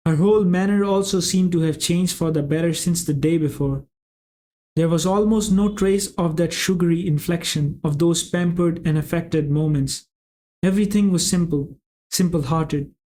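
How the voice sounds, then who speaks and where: A man reading a classic novel aloud in a steady, measured way as an audiobook narrator. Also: fairly high pitch. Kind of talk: scripted narration.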